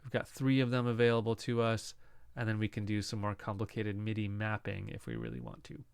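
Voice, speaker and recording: A man explaining music production software in a casual, conversational lesson, asking rhetorical questions as he goes. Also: lowish voice, fairly quick, gravelly, smooth, dry recording, studio quality. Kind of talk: screen-recorded software lesson.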